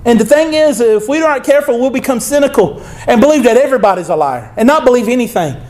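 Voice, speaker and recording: A man's voice: very high-pitched, animated, quick pace, darkish tone. A male preacher, delivering a conversational sermon and reading scripture aloud.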